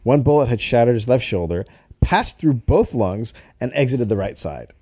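Mellow-voiced man reading a comic history tale. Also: medium pitch, animated, moderate pace, no echo, clean studio sound. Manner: reads the story aloud with jokey asides and laughs. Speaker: podcast co-host telling the story. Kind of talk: comedic history storytelling.

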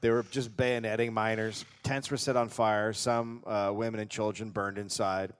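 A man hosting a live comedy podcast, telling a history story in a deadpan way and reading out quotes. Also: fairly low pitch, moderate pace, a little hiss or hum.

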